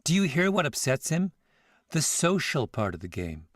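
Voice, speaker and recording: A man hosting a podcast, telling a story in scripted narration with a measured, reflective manner. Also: a little high, very animated, no room sound, studio quality. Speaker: podcast host.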